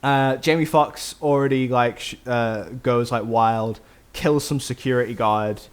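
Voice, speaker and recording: Bloke on a movie podcast, middling pitch, rattling off the plot with loads of likes and ums. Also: male voice, clean tone. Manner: recaps the plot in quick bursts with fillers and laughs. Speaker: podcast host. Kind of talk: casual film podcast chat.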